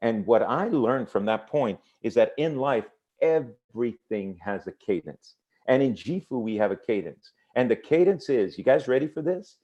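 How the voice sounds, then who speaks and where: A man's voice: mid-range voice, moderate pace. A man presenting a motivational business training, talking straight to his audience and repeating key phrases. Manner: energetic, repetitive, addresses audience directly. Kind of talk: motivational sales training talk.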